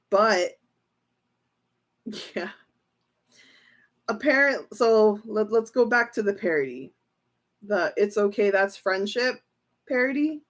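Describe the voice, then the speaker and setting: Giggly young woman, slow and chatty. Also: medium pitch. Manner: giggly, excitable, laughs often between phrases. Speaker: tarot reader. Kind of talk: casual livestream tarot reading.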